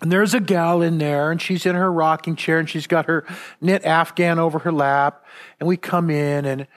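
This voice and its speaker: A man's voice: a little high, steady tone, normal speed. A man from Southern California preaching a sermon as a pastor, earnest and repeating words when stressing a point.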